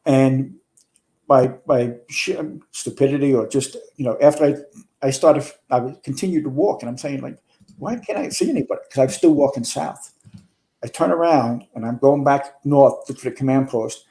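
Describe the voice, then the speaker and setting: A man's voice: mid-range voice, moderate pace, dark tone. A man, a retired fire chief telling a long story in a casual interview, rambling with restarts and some swearing. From New York.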